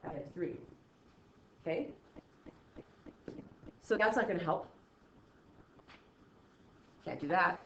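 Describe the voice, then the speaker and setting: A woman teacher with a fairly low, somewhat bright voice teaches math slowly, pausing often. She chats with the class, often asking "okay?" and acting out students' reactions, in a roomy, slightly dull recording with a little hiss or hum.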